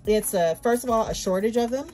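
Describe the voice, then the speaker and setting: A woman's voice: on the high side, a little fast, a little mellow, faint music behind. A woman, a doll-collecting vlogger, venting to viewers in a chatty, emphatic casual rant. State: tearful, emotional near the end.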